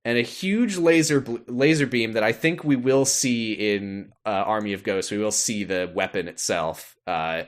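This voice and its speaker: A man co-hosting a podcast, recapping a story in casual chat, animated and playful. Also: on the low side, moderate pace, hardly any pauses. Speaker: podcast co-host.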